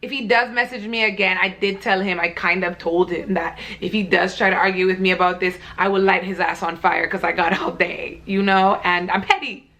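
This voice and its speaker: A woman's voice: fairly low pitch, steady tone, fairly quick, hardly any pauses, bright, forceful tone. A young woman vlogger ranting to camera in a blunt, heated, profane way. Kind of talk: casual vlog rant.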